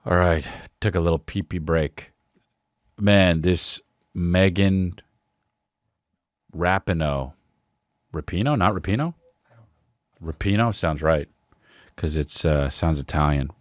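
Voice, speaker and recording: A man's voice: low-pitched, slow pace, pauses often, no room sound, studio quality. A man hosting a comedy podcast, ranting casually with a lot of swearing and calling people "dude.". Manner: profane, riffing, says dude a lot. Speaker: podcast host.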